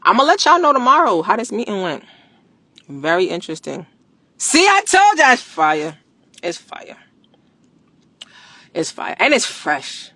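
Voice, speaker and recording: Animated woman chatting on a live stream. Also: medium pitch, a little slow, long pauses. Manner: animated, repeats phrases for emphasis, laughs often; slangy and emphatic. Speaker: livestreamer promoting a product. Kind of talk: casual live stream chat.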